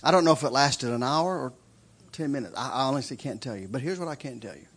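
A man preaching a sermon as a story, swinging from loud, excited shouts to hushed, intense lines. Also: medium pitch, fast talker, husky.

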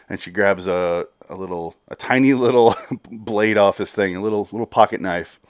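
A man's voice: fairly low pitch, fairly even intonation, dry recording, studio quality. A man casually recapping a TV episode, rambling, swearing freely and laughing as he goes. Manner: rambling, swears freely, laughs, quotes characters in quick bursts. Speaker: podcast host recapping a TV episode.

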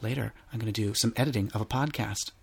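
A man's voice: on the low side, quick pace, vocal fry, husky. A man hosting a casual podcast, rambling through news items with fillers and laughs. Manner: chatty, rambling, many fillers, easy laughs. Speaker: podcast host.

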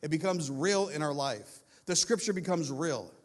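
A male guest pastor preaching a sermon with repeated, building phrases, moving between loud urgent passages and hushed low ones. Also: normal speed.

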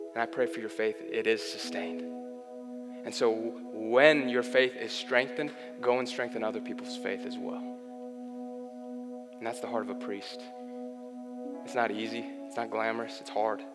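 A young man preaching a sermon, earnest, swinging between loud pleading and soft, intimate delivery. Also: medium pitch. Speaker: pastor. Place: church hall. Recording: long hall reverb, faint music.

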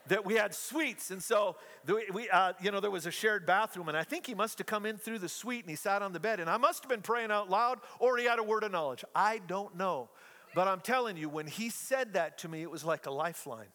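A middle-aged man preaching a sermon to a congregation, telling stories with playful, animated asides. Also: sits high, normal speed, big-room sound. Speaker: pastor. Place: church hall, live congregation.

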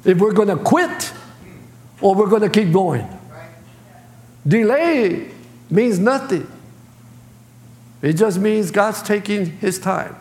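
A man's voice: high voice, expressive, slow pace, long pauses, a little mellow. A man preaching a sermon as pastor, speaking in plain colloquial phrasing and acting out voices. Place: church sanctuary. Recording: echoey church hall.

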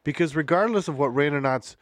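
A man co-hosting a casual podcast, rambling through statistics and a playful sponsor pitch. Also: quick pace, noisy background. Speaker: podcast co-host. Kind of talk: casual chat with sponsor reads.

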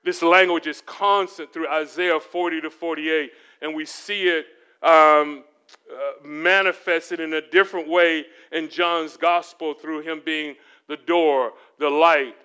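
Middle-aged male guest preacher, crisp and smooth, quizzes the room, acts out the voices he quotes. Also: fairly high pitch, fairly even intonation, measured pace, sharp tone. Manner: asks the audience questions and answers them. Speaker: guest speaker. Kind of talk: sermon.

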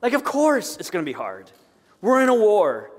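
Man preaching, high-pitched voice, long hall reverb, animated swings from loud to hushed, middle-aged pastor. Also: normal speed. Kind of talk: sermon. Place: church sanctuary.

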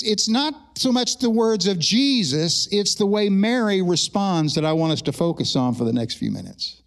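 A middle-aged man, a pastor, praying and then preaching an animated sermon with humorous asides to his congregation in a church. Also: high-pitched. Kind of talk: sermon with opening prayer. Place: church sanctuary during a service.

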